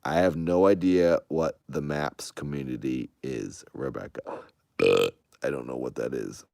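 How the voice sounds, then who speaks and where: Speaking a little slowly, a man with an extremely low, gravelly, darkish-toned voice chats casually with online viewers, responding to each comment in turn. His replies ramble defensively with frequent restarts, and the close recording is dry with no room sound.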